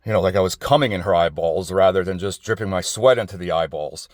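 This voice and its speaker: A middle-aged man rambles through a personal monologue outdoors, circling back on himself and swearing freely. His voice sits low, and the sound is dry, with little echo around it. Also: fast talker. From New Jersey. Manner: rambling, digressive and profane, with many restarts. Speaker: vlogger. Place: outdoors outside an office building.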